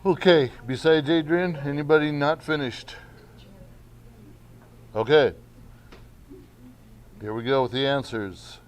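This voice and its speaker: A male teacher giving a class lesson in a casual way, often checking in with "okay". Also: fairly high pitch. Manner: slow, casual, keeps saying okay. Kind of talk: classroom instruction.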